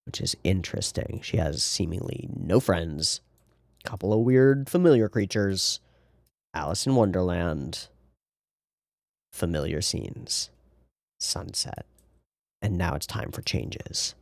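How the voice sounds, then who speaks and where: A man's voice: low-pitched, expressive, slow, creaky, long pauses, no echo, studio quality. A man hosting an anime reaction, talking through the episode in a casual, sarcastic way with rambling asides.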